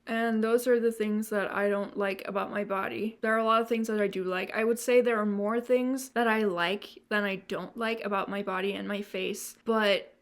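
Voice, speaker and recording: A woman's voice: medium pitch, fairly even intonation. Young woman vlogging, half european half american accent, rambly and blunt, lots of restarts. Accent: mix of non-native European and American. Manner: rambling and frank, with many restarts and swearing; fast s sounds she dislikes. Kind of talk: candid to-camera vlog.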